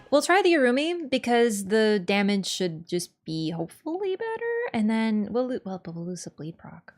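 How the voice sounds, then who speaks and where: A young Canadian woman with a Canadian accent, chatting casually while streaming a game and answering her chat. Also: mid-range voice. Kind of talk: live game commentary. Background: game music.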